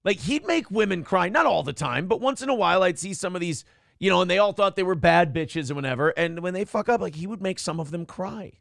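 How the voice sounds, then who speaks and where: A man's voice: high voice, expressive, quick pace, creaky, fairly bright tone, no room sound, clean studio sound. A man hosting a casual morning chat show, telling stories with lots of swearing and laughter. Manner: profane, storytelling, laughs often. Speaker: host.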